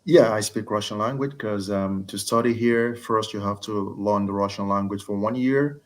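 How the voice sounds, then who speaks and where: A man speaking as a guest in a casual interview, answering in a halting way with many fillers and restarts. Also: fairly low pitch. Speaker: interview guest, engineering student.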